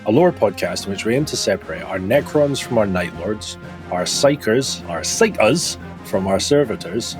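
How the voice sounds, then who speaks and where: A man's voice: lowish voice, expressive, moderate pace, music in the background. A man hosting a podcast in casual comedic chat, jokey, laughing often and swearing casually. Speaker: podcast host.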